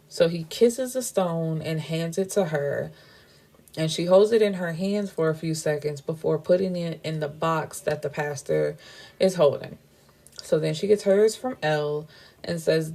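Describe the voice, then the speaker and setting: A woman's voice: deep voice, measured pace, creaky, dark tone. A woman casually recapping a novel's plot as a book reviewer, chatty and full of fillers and self-corrections.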